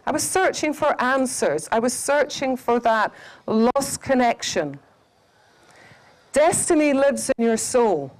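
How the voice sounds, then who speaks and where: A middle-aged woman from the Highlands, giving a spiritual talk to a festival audience, quizzing listeners and stretching out key phrases. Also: low-quality recording. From Scottish Highlands. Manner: animated, quizzes the audience, drawn-out emphatic phrases. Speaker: shamanic teacher.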